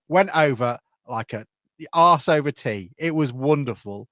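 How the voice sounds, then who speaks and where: Lively storytelling man, dry sound. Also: medium pitch, moderate pace, dry recording. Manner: lively storyteller, acts out dialogue. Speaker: podcast co-host. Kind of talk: casual football chat.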